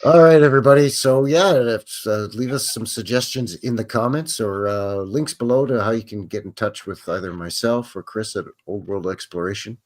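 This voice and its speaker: A man's voice: lowish voice, moderate pace, hardly any pauses. A man with a Canadian accent co-hosting a show, chatting casually and joking around in easy banter. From Western Canada. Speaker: podcast co-host. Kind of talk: casual chat.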